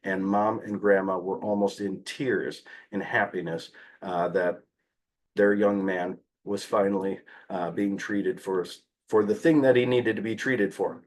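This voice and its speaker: A man giving a conference talk as a behavior analyst, telling fieldwork stories in an animated way with frequent "uh" fillers. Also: on the low side, unhurried.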